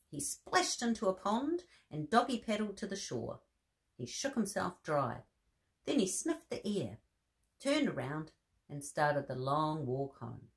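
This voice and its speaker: A woman reading a bedtime story aloud to children, expressive, with soft gasps and friendly asides. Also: deep voice.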